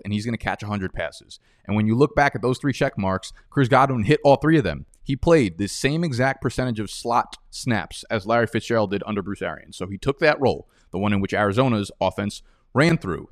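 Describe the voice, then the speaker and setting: A young man with a New York or New Jersey accent giving casual, animated fantasy football analysis, talking quickly and rambling with fillers. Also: on the low side, dry recording, studio quality. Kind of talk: casual sports podcast analysis.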